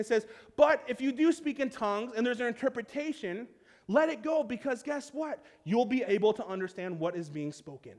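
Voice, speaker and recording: High-voiced man preaching in a reverberant hall. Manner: conversational preaching with repeated restarts. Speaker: pastor. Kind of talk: sermon.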